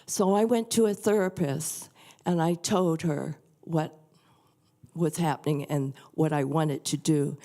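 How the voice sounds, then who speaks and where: An older woman shares a personal testimony before a church congregation. She speaks slowly in a low, mellow voice that is earnest and softly confiding. Her unhurried delivery suits the quiet setting. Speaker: church member sharing a testimony. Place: church sanctuary.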